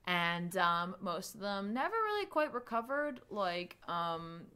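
With a smooth, bright, forceful mid-range voice, a comics podcast co-host gets very animated while speaking a little slowly. She chats casually, wandering through the plot of a comic and filling it with "like" and "um."

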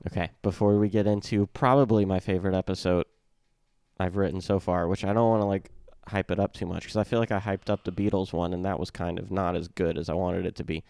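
A man's voice: low voice, steady tone, fast talker, gravelly, mellow, no echo. A man hosting a casual podcast, sounding stuffy and congested from illness, joking and laughing often. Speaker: podcast host. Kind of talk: casual chat.

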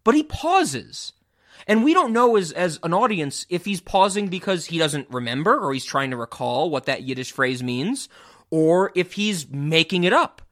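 On a remote podcast call with cameras off, a man hosting a laid-back film chat talks at normal speed in a fairly high, slightly bright voice with big pitch swings. He rambles with enthusiasm and swears casually.

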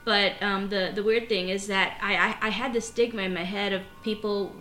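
A woman's voice: medium pitch, steady tone, moderate pace, sharp tone. A woman, a pharmacy professor, talking candidly in an interview, reflective and full of restarts. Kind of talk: conversational interview. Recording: roomy with faint background noise.

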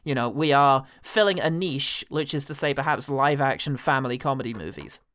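A man's voice: mid-range voice, brisk, fairly bright tone. A British man co-hosting a podcast, ranting in an exasperated, sweary way about bad comedy films. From Britain. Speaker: podcast co-host. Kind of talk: casual film-review chat.

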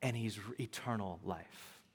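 A male pastor preaching a sermon, animated and emphatic, repeating key lines for weight. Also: lowish voice, unhurried, slightly rough, in a large hall.

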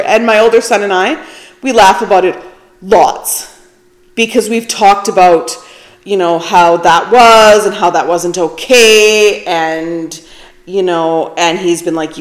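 Recorded in an echoey room, this casual solo podcast features its host, a middle-aged woman whose voice sits on the low side at a normal speed. She talks candidly and pokes fun at herself.

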